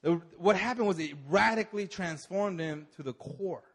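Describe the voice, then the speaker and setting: A man preaching a sermon with animated, chatty storytelling, his voice sitting fairly high for a man. He keeps the tone conversational and acts out the people in his story. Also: normal speed. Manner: animated storytelling, acting out biblical figures with laughs. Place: church service.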